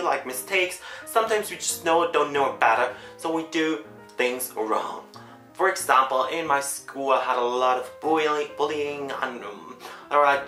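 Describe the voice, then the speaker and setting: A woman in her twenties chats to camera in English that is not her first language, rambling on and correcting herself as she goes. Her voice is bright and swings widely up and down in pitch. The room is echoey, with faint music underneath. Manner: rambling, chatty, self-correcting. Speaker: vlogger. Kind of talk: casual chat to camera.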